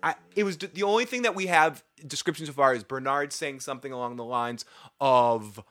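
A man's voice: medium pitch, a little fast, a bit bright, dry recording, studio quality. A young man from Boston with a Boston accent, hosting a casual live recap chat, rambling and swearing freely with frequent laughs. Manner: profane, rambling, laughs often. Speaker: livestream show host.

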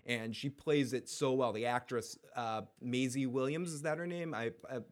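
Excitable swearing podcast host man. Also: mid-range voice, normal speed. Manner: excitable, swears freely, stumbles and restarts. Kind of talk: casual recap chat.

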